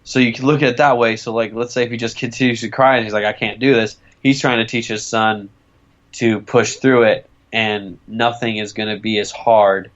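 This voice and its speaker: A man's voice: medium pitch, little pitch movement, normal speed, a bit bright, highs cut off. A young man co-hosting a podcast in casual chat, rambling through stories and swearing freely. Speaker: podcast co-host.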